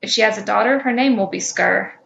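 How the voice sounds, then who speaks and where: A woman's voice: mid-range voice, brisk, gravelly, a bit bright. A woman voicing a proud, stubborn female creature who speaks defiantly and snappishly, in an echoey room. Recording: echoey room with faint noise.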